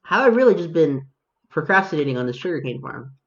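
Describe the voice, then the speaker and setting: A man's voice: fairly high pitch, sing-song, fairly quick, a bit bright, lo-fi sound. A man giving casual, self-mocking commentary over his own gameplay as a video host, talking to himself and his viewers.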